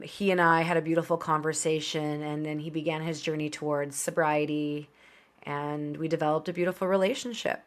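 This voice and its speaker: Woman in her 30s, lowish voice, chatty and candid, telling her life story on a podcast. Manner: open, conversational, quick asides with laughs. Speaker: podcast guest.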